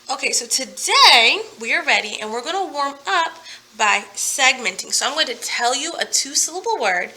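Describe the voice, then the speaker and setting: A young woman teaching an online phonics lesson, upbeat and playful, stretching out words slowly and clearly. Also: high voice, animated, sharp tone. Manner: upbeat, playful, slow and emphatic.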